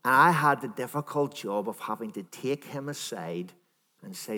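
A minister giving a sermon in a conversational, storytelling manner, voicing imagined dialogue. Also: male voice, mid-range voice, expressive, normal speed, bright, forceful tone, big-room sound.

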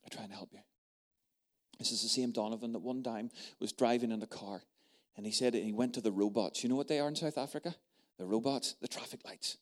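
A male preacher delivering a storytelling sermon. He talks to the congregation with punchy emphasis and sometimes drops to a hushed voice to draw listeners in. His voice sits at an everyday middle pitch. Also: fast talker. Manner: emphatic and animated, dropping to a hush in stories.

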